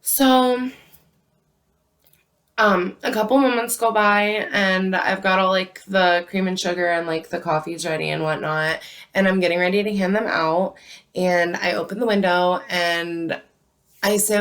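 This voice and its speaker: A young woman chats through a storytime vlog at an unhurried, drawn-out pace. Her voice sits a little low for a woman, and she keeps scattering "like" through her sentences. It sounds easy and conversational. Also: fairly even intonation, fairly bright tone. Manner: chatty, frequent "like" fillers, unhurried. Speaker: vlogger telling a work story.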